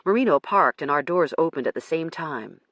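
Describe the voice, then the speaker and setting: An audiobook narrator reading a first-person crime thriller in a measured storytelling manner. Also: medium pitch, expressive, fairly bright tone, dry recording, dull audio.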